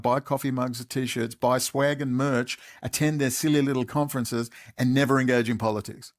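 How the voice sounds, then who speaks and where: A man's voice: medium pitch, creaky. A man with an Australian accent giving an angry, intense monologue full of swearing. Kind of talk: ranting monologue.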